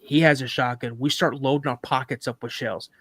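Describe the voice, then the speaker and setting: A man telling a personal story on a live podcast, animated, acting out sounds and voices as he goes. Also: medium pitch, brisk, dry recording.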